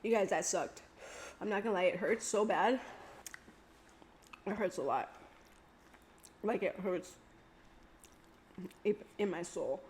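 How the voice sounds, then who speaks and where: A woman's voice: mid-range voice, slow pace, long pauses, darkish tone. A young woman co-hosting a podcast, talking through the burn of something very spicy. She sounds teary and in pain, her complaints coming out as breathless groans. A faint hiss sits under the recording. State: in pain from hot chip, teary. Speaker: podcast co-host. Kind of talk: casual chat.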